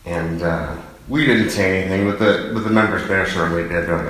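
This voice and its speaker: A middle-aged man fondly remembering his late father, halting, with many fillers and restarts. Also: low voice, a bit bright, slight background noise. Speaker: son giving a eulogy. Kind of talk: personal reminiscence. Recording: very echoey hall.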